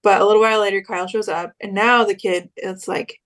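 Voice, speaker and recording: A woman's voice: medium pitch, steady tone, fast talker, a bit bright. A young woman co-hosting a podcast, telling a story in a chatty way and acting out the quoted lines. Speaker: podcast co-host. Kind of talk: casual chat.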